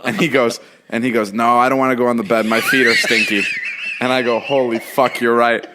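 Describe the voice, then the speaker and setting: A man's voice: mid-range voice, flat delivery, heavy background noise. A young man in his twenties hosting a casual podcast, telling stories with frequent swearing and laughter. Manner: quick, profane storytelling with laughs. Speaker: podcast host. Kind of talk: casual chat.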